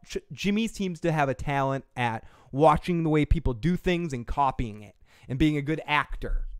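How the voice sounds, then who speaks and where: A man hosting a podcast review livestream, rambling and excitable, swearing casually and answering chat comments. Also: fairly high pitch, clean tone, no room sound, clean studio sound. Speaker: podcast host reviewing a TV episode.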